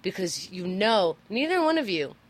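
A woman co-hosting a podcast, chatting casually as a talkative, animated storyteller who swears freely. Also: mid-range voice, moderate pace. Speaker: podcast co-host. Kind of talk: casual chat.

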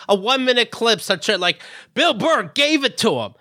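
A man co-hosting a podcast in casual chat, telling stories and mimicking people with sudden high outbursts. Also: very animated, moderate pace, few pauses, pushed and bright, dry recording, studio quality. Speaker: podcast co-host.

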